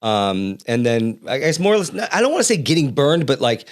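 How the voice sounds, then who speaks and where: A middle-aged man with a Boston accent co-hosts a podcast. He talks in a laid-back, meandering way at an ordinary middle pitch. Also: big pitch swings, brisk. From Boston area. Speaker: podcast co-host. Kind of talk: casual chat.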